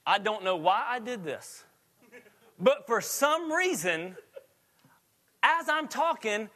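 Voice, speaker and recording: A man's voice: high-pitched, sing-song, slow pace, pushed and bright. A man preaching a sermon in a chatty storytelling way, laughing often as he tells stories. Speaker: pastor.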